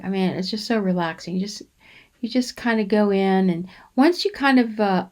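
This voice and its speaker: Woman, host of a home craft tutorial, mid pitch, easygoing and meandering, lots of ums. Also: a little mellow. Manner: unhurried, rambling, frequent ums and restarts. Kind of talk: relaxed coloring demonstration voice-over.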